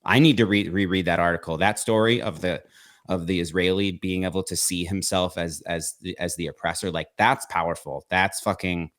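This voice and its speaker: A young man in casual conversation, talking haltingly with many restarts and repeated words, earnest and at times emotionally heated. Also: deep voice, no room sound, studio quality. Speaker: podcast guest.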